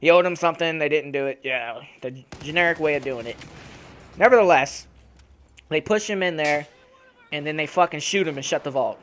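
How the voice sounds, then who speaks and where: Profane, animated young man ranting. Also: on the high side, fairly quick. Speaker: gaming YouTuber. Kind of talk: casual rant over gameplay.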